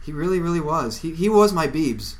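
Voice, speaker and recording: A young man co-hosting a podcast, chatting casually and telling animated stories, shouting when he quotes people. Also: fairly high pitch, a little fast, a little hiss or hum. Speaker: podcast co-host. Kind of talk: casual chat.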